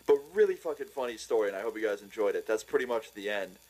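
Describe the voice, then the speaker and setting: A young man telling a funny story for a vlog, excitable and profane, laughing as he goes. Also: on the low side, fast, poor audio. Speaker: vlogger.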